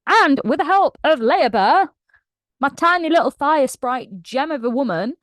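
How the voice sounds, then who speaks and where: A woman recapping a book in a casual, animated way, laughing often as she retells it. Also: high-pitched, unhurried, no room sound. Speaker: book reviewer.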